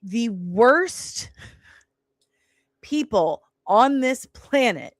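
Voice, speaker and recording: A woman's voice: fairly high pitch, animated, very slow, no room sound. A woman in her forties telling a story in an emphatic, indignant way, as a salon owner. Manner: emphatic, indignant, stresses words hard. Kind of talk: casual storytelling.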